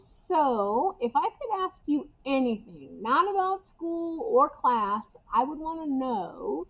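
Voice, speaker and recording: A woman teacher talks through an assignment for her remote class in a relaxed, chatty way and repeats the key points. Her voice sits a little high, and the camera recording sounds slightly dull and lo-fi. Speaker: English teacher. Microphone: webcam or camera microphone.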